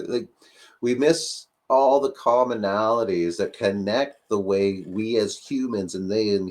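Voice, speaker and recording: A man with a fairly low voice talks through a casual discussion. He pushes his points with rhetorical questions and leans on fillers.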